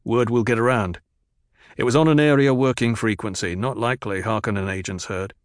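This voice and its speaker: A man's voice: on the low side, fairly even intonation, a little fast, no room sound, clean studio sound, lightly acted. A man voicing Gurney Halleck, a blunt, shrewd soldier who gives orders plainly. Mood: commanding. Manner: blunt, commanding.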